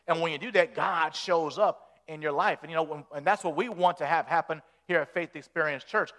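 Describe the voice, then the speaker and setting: Animated, folksy male preacher. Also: a little high, fast talker. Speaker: pastor. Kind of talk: sermon.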